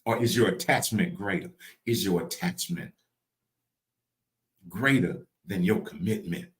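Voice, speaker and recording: A man's voice: deep voice, lively intonation, fairly bright tone. Man preaching in an echoey room. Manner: preachy, drawn-out rhetorical questions, calls out to viewers by name. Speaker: live stream host. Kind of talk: inspirational porch talk.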